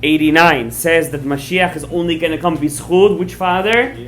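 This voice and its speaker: A man teaching a Torah class as a rabbi, telling a story with lively acted-out quotes, mixing in Hebrew terms and checking words with his listeners. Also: a little high, normal speed, a little hiss or hum. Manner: animated storyteller, acts out quoted lines, checks words with the audience; mixes in Hebrew and Aramaic terms.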